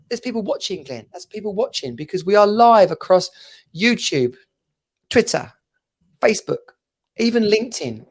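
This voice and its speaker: Gravelly, chatty English podcast host. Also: male voice, fairly high pitch. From England. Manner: chatty, laughing, bouncy banter. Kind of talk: casual chat.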